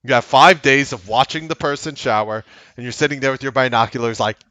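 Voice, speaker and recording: A man hosting a trading livestream, talking bluntly and sarcastically, swinging from loud outbursts to low asides. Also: brisk, no echo. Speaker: trading coach and livestream host. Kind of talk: unscripted livestream commentary.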